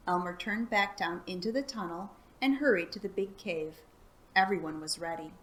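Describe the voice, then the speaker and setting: A woman reading a children's chapter book aloud for a library storytime, calm and soft-spoken. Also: lowish voice, normal speed.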